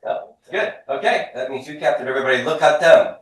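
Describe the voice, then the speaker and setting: A man leads a classroom drill in a cheerful, engaging way, often checking in with his students. His voice sits mid-pitched, caught from across a big echoing room. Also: expressive, quick pace, a bit bright. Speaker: Hebrew teacher. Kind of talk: classroom drill, call and response. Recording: echoey classroom from a distance.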